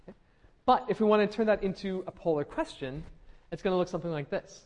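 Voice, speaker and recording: A man's voice: sits high, expressive, fast talker. A man teaching a linguistics class, explaining step by step and often checking in with his students. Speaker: linguistics lecturer. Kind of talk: classroom lecture.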